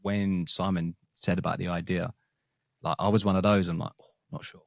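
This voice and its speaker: A man's voice: deep voice, little pitch movement, normal speed, creaky, no echo, clean studio sound. A man who is a podcast guest, recounting his career in a rambling, anecdotal, casual way. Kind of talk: casual interview chat. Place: works in Sydney, Australia.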